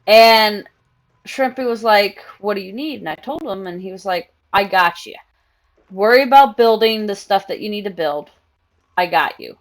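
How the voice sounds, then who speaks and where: A young woman streaming live, chatting excitedly and telling stories while she plays a game. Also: mid-range voice, moderate pace. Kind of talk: casual gaming stream chat.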